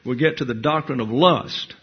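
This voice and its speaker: A man's voice: mid-range voice, moderate pace, breathy edge. A man teaching a verse-by-verse Bible lecture, digressive, with wry asides and thinking aloud between points. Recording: dull lo-fi lecture recording.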